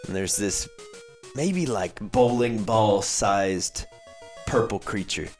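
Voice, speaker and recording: A man's voice: fairly low pitch, slow pace, reverberant, soft background music. A man running a tabletop game as game master, narrating playfully and throwing in little sound effects.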